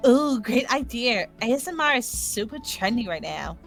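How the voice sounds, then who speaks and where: A woman playing a tabletop game, loud and crude. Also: a little high, sing-song, moderate pace, faint music behind. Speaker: player.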